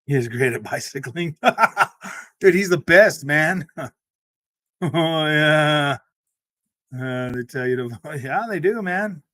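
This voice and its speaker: A man's voice: on the high side, expressive, slow, pauses often, sharp tone, dry recording. A young man hosting a gaming channel, chatting casually and rambling, with lots of "man" and "dude" and frequent laughs, on a close desk mic. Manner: rambling, loose speech full of "man" and "dude", laughs often. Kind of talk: casual livestream chat.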